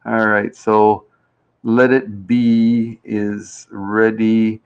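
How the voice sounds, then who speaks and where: A man's voice: fairly low pitch, little pitch movement, extremely slow, vocal fry, clean tone, highs cut off. A man hosting a game show live stream, chatting casually and reading out viewer comments. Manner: chatty and rambling, reads chat aloud, plays with pronunciations.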